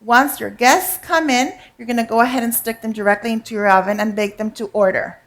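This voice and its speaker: A woman's voice: a little high, steady tone, fairly quick. A woman cooking instructor giving a live demonstration, chatty and instructive, often checking in with her audience. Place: teaching kitchen before a live audience.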